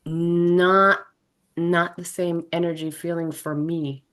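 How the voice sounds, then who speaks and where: A woman in casual conversation, answering briefly and asking short questions in a relaxed way. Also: lowish voice, slow, a crowd in the background. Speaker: podcast co-host. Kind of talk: casual chat.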